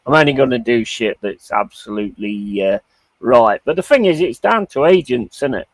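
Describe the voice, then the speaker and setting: A man's voice: mid-range voice, expressive, normal speed, dry recording, poor audio. A British man hosting a live stream, chatting casually, reading out chat comments, swearing and laughing easily. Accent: British English. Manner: laid-back, swears, laughs often, reads chat aloud. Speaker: streamer host. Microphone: streaming mic.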